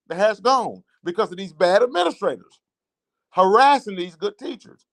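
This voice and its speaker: This show host, an advocate for a teachers' association, speaks with a Southern American accent in an impassioned monologue. His high, animated, fairly bright voice moves at normal speed as he repeats himself through an emotional story, growing more indignant.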